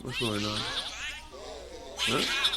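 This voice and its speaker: A man giving casual gameplay commentary with slangy, excitable reactions. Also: medium pitch, drawn-out words, heavy background noise. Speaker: gaming video host.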